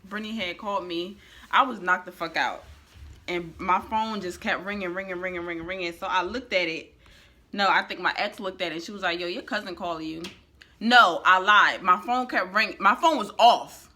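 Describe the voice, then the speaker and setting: Young woman, kinda low but bright voice, laid-back, chatting her side of the story. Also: moderate pace. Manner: laid-back, laughing retelling with swearing. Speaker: vlogger, partner in the story. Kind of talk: casual storytelling.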